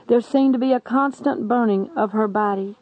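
A woman's voice: a little high, normal speed, no echo. A woman preacher giving an earnest, imploring testimony sermon. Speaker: evangelist. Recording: dull lo-fi recording.

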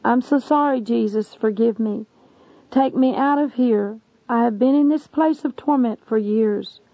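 A woman's voice: on the high side, measured pace, mellow, no room sound. A woman voicing the soul of a tormented man who begs desperately for mercy. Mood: begging. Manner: begging, anguished. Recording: dull lo-fi recording.

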